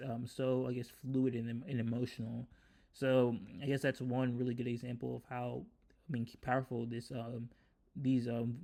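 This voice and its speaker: In a slightly mellow voice of medium pitch, a male developer walks viewers through a casual screen-recorded coding tutorial. His delivery is halting, with plenty of restarts.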